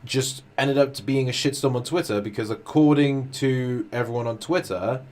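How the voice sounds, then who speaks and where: A man's voice: mid-range voice, normal speed, a little mellow. A man hosting a stream, chatting casually and telling anecdotes in a wry way. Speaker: streamer host. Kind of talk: casual chat.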